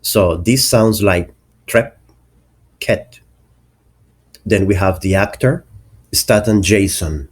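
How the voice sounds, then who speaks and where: A man with a low voice walks through an English pronunciation lesson at a very unhurried pace. He says each example word carefully and deliberately, like a teacher showing how it should sound. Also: husky.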